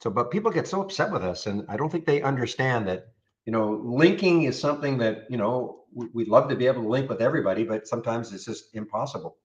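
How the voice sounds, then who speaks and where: A fast-talking man with an expressive mid-range voice comes through on dull audio. In his live trading room he gives casual chart commentary and answers viewers, often repeating words as he goes.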